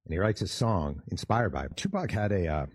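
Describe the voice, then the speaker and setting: A man's voice: low-pitched, brisk, breathy edge, no echo. A man and author telling a story in an interview, acting out the people he quotes. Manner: animated storyteller who acts out quotes.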